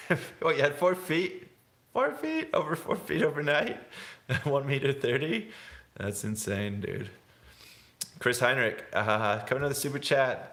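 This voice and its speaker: A man's voice: medium pitch, a bit bright. A young man from England, hosting a casual snowboard livestream, chatting in a rambling, laid-back way with frequent laughs. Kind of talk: casual live-stream chat.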